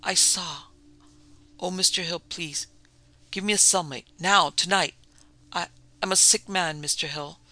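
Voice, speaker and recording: A man acting out a hulking male convict gone to pieces with fear, stammering and pleading through chattering teeth. The voice sits a touch high with a gravelly edge. It is dry and close, with a bright, forceful tone. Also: normal speed, no room sound, heavily acted.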